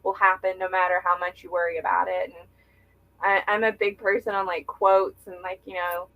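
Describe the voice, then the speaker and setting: A woman's voice: lowish voice, flat delivery, normal speed, phone-quality sound. A young woman speaking as a podcast guest, reflective and earnest, talking candidly with many filler words. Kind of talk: candid conversational interview.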